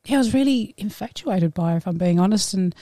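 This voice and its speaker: A woman, a podcast guest telling a story in a lively, laughing way. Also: mid-range voice, fast, dry recording, studio quality. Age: adult. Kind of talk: casual storytelling.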